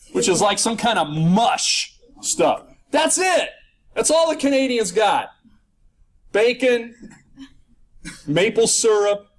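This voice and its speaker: A middle-aged man lecturing a class on economics, teasing the students with jokes and rhetorical questions. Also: sits high. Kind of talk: classroom lecture with joking asides. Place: classroom in Florida.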